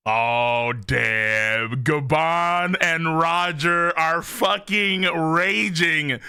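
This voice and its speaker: A man reacting live to a manga chapter on stream, excitable and profane, reading lines aloud and shouting at big moments. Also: a little high, extremely slow, clear, resonant tone, dry recording.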